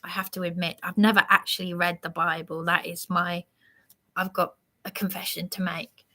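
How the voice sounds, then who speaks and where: Speaking with a fairly low, level voice that is bright and forceful, a woman gives a rambling live monologue, preachy and aggrieved, responding to a commenter in slow, halting fashion.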